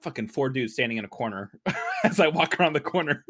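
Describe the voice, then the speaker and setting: Male gamer, quick and animated, casual storytelling banter. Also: mid-range voice, a crowd in the background. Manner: fast storytelling with laughs. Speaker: fellow player. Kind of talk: casual gaming chat.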